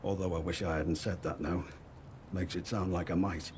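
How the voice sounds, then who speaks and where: Guy voicing a gruff northern english trader in the woods, real deep, liverpool bits, noisy game audio. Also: steady tone, moderate pace, darkish tone, natural voice. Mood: wry. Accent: northern English with Liverpool hints. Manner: folksy, wary, chatty storyteller.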